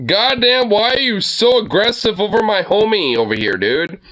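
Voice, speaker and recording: Animated, profane young man ranting. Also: high voice, normal speed. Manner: profane, rambling, stammering restarts. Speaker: streamer reacting to a video. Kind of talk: casual reaction commentary.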